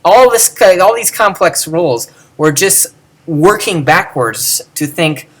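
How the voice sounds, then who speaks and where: A man's voice: a little high, sing-song, slow pace, a bit bright. A man giving a casual lecture, musing aloud and often correcting himself with many ums. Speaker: teacher.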